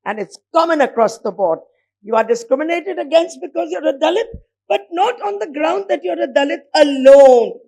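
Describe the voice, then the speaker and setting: A woman speaks from the podium in a high, clear voice. She delivers her points with rhetorical weight and slows down on the words that matter. It sounds like a formal address to an audience of lawyers. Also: lively intonation, warm tone. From India, born in Bombay. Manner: emphatic, rhetorical, pauses on key words. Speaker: speaker at a legal lecture event. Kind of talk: formal public speech.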